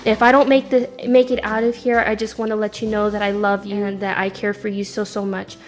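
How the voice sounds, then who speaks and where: A woman's voice: mid-range voice, flat delivery, brisk, soft background music, close to an everyday voice. A woman quoting an earnest young male pilot in love, speaking in her own voice. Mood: heartfelt.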